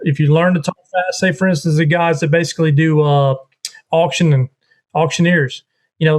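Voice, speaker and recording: Man explaining duck calling, slightly high. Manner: rambling, repeats steps while explaining. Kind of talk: casual instructional chat.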